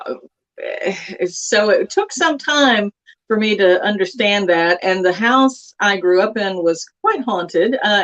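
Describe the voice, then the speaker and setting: A woman's voice: medium pitch, lo-fi sound. A woman from Texas, a guest author, chatting casually in an interview with many fillers and asides.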